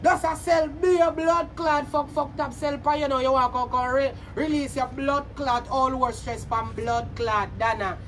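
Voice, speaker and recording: A Jamaican woman vlogger with a high-pitched voice rants straight to the camera, mocking and cursing in heated bursts. A faint hum of background noise sits under her. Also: fairly even intonation, moderate pace, hardly any pauses, a bit bright. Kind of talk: angry insult rant to camera.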